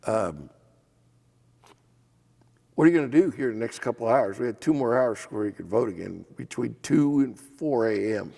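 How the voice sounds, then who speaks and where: Animated older man with a gravelly voice. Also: medium pitch, normal speed, long pauses. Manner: animated anecdotes with acted quotes and laughs. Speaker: former legislator and assistant insurance commissioner. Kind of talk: storytelling oral history interview. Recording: hall reverb.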